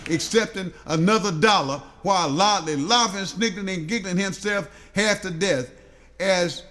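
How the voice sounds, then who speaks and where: A man's voice: sits high, normal speed, a bit bright, a little hiss or hum. A man reading a comic audiobook story aloud, rambling through long lists with stumbles and repeats.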